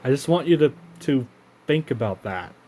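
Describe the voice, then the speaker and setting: Here a man from Canada rants to his channel's camera, angry and swearing, with frequent halts and restarted sentences. His voice sits at medium pitch, sounds dark, and moves animatedly at a normal speed.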